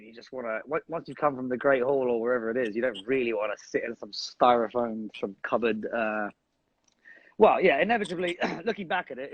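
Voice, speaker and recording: A man's voice: mid-range voice, dry recording. A young man chatting casually and joking on a live video call. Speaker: actor and co-host of the live chat. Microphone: phone on a video call. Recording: dry, dull lo-fi phone audio.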